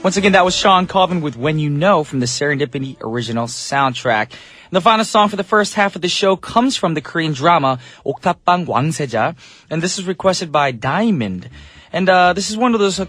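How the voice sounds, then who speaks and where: A man's voice: on the high side, a bit bright. A man hosting a radio show as DJ, talking in a casual, upbeat, chatty way with loose fillers, from a studio microphone.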